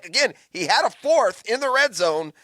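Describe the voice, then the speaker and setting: A man's voice: very high-pitched, sing-song, normal speed, bright, forceful tone, no room sound, studio quality. A man co-hosting a sports radio show, arguing opinions on football players. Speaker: radio co-host. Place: radio studio. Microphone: studio mic.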